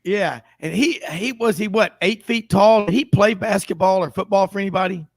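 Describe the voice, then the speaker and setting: A man hosts a sports talk show, his voice a touch high and the sound dry and close. He talks in a chatty, rambling way and laughs easily. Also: moderate pace, no room sound.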